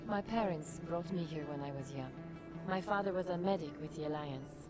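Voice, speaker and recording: Actress as a young doctor in a sci-fi game, lower voice, earnest, music bed under her. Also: normal speed, natural voice. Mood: grateful. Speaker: game character. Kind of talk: game dialogue. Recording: game audio over music.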